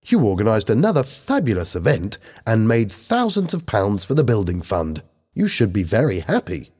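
A man voicing Mister Penny, a calm, sensible economics teacher who speaks in a measured, reasonable way. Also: on the low side, husky, exaggerated voice.

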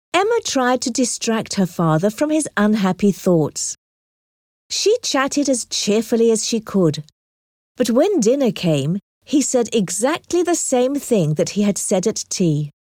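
A woman narrating a classic novel as an audiobook, clear and expressive, on a close microphone. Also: medium pitch, no echo.

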